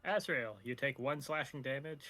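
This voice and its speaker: A man narrating as dungeon master in a tabletop game, pausing with fillers as he describes the scene. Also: mid-range voice, sharp tone.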